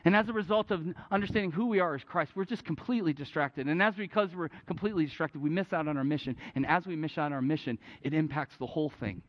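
A man preaching a sermon as a pastor, telling a story with animated, urgent peaks. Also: on the high side, fast, few pauses. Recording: dull, echoey hall.

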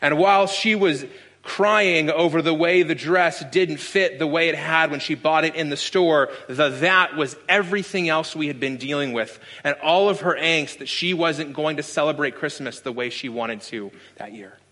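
A pastor in his thirties preaches in a bright, forceful voice pitched a little high. He tells stories earnestly and slips in dry sarcasm now and then. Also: normal speed. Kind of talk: sermon.

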